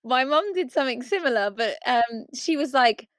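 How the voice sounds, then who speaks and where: A woman's voice: on the high side, a little fast, few pauses, no echo, studio quality. A woman from England with a Devon accent, co-hosting a casual chat from a friend's house, laughing often and acting out the people in her stories. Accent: English, Devon. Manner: giggly, animated storyteller who acts out quotes. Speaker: podcast co-host.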